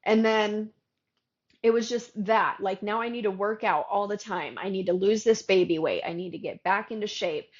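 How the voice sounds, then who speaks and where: A woman's voice: medium pitch, normal speed, lo-fi sound. A woman co-hosting a podcast, candidly telling her own story in a casual chat. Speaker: podcast co-host.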